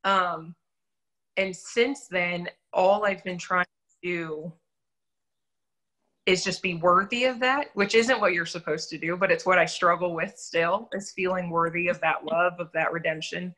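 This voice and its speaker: A woman's voice: lowish voice, fairly even intonation, measured pace, bright, forceful tone, poor audio. A young adult woman sharing her faith testimony in an interview, telling her story candidly and earnestly with self-deprecating humor.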